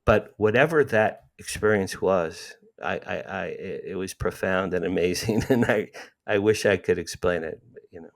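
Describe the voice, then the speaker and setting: A man's voice: sits low, normal speed, few pauses. A man in his sixties, emotionally retelling a personal story as an interview guest, with frequent restarts. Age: 60s.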